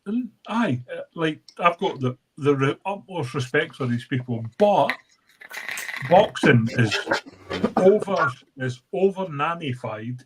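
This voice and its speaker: A rowdy man with a slightly raised pitch swears his way through a chat, laughing as he goes. A light hiss of background noise runs under his voice. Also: animated, slow. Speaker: show regular. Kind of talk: casual chat on a live stream.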